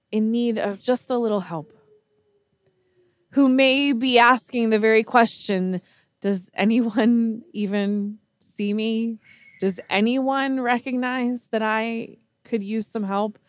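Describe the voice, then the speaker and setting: A woman's voice: fairly high pitch, no room sound. A woman preaching a sermon in earnest storytelling style, with frequent restarts.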